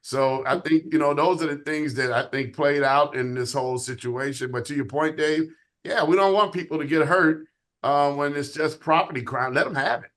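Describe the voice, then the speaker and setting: A man speaking as a police guest on an interview podcast, measured and reflective, with hesitant fillers. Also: fairly high pitch, a bit bright. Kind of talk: conversational interview.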